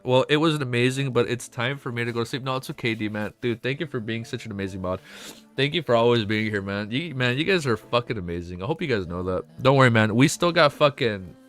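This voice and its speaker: Excitable young man streaming live. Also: mid-range voice. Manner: excitable, swears often, emotional swings. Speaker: livestreamer. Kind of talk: casual live stream chat. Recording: faint music behind.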